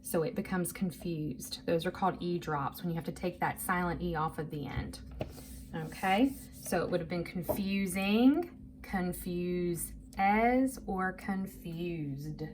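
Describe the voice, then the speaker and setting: A woman's voice: fairly low pitch, moderate pace, a little mellow. A woman teaching a phonics lesson to young children, patient and encouraging, drawing out each word for them to repeat. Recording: faint background noise.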